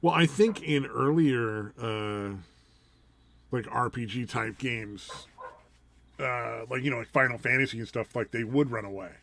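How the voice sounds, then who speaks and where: Man, casual podcast co-host, swears a lot, laughs often, mid pitch. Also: measured pace, creaky, fairly bright tone, slight background noise. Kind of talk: casual chat.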